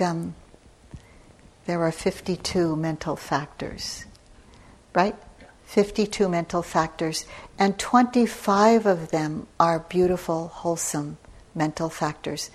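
An older woman giving a gentle, reflective dharma talk as a meditation teacher at a retreat center. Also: lowish voice.

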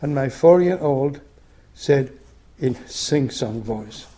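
An older man giving a meditation teacher's dharma talk. He reads a story aloud in a soft, unhurried way, and his phrase ends drop to a whisper. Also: medium pitch, expressive.

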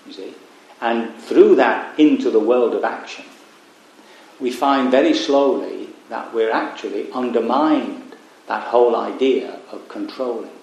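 Male meditation teacher, mid-pitched, calm dharma talk, very echoey hall. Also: vocal fry. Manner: reflective, pausing, wry asides. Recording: very echoey room.

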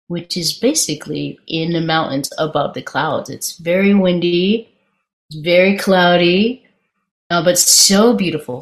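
A woman with a fairly low voice gives a dharma talk. She tells a personal story with lively energy, then moves into a calm, reflective teaching.

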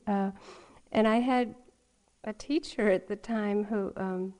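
A middle-aged woman giving a dharma talk as a meditation teacher, gentle and often laughing softly as she tells stories. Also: medium pitch, fairly even intonation, a little slow. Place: retreat meditation hall.

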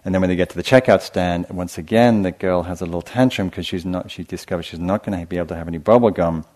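Man, very low voice, meditation teacher, gentle reflective dharma talk, hesitant restarts. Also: quick pace. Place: meditation retreat hall.

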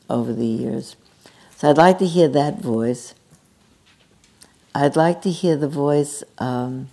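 A woman giving a gentle, halting dharma talk as a meditation teacher in a meditation hall, telling a story with many restarts. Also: very deep voice, vocal fry.

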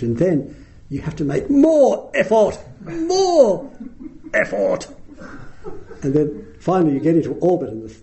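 Dark-voiced man telling wry meditation stories. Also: mid-range voice, creaky, rough recording. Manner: wry anecdotal storytelling, chuckling at his own tales. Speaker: meditation teacher. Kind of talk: dharma talk.

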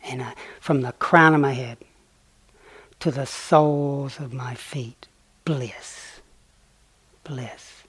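Slow, husky-voiced meditation teacher. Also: male voice, medium pitch, steady tone, dry recording. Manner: soft-spoken, often quiet, chuckling while telling stories. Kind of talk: dharma talk storytelling.

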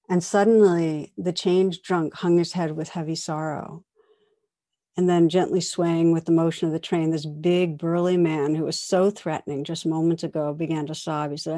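A woman meditation teacher giving a dharma talk, telling a story in a gentle, reflective way. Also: low-pitched, level tone, normal speed. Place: meditation hall.

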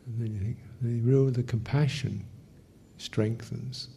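A man teaching meditation in a question-and-answer session, speaking gently in short, halting phrases with soft laughs. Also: medium pitch, steady tone, gravelly, a little hiss or hum. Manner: gentle, unhurried, often laughs softly. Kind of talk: dharma Q&A teaching.

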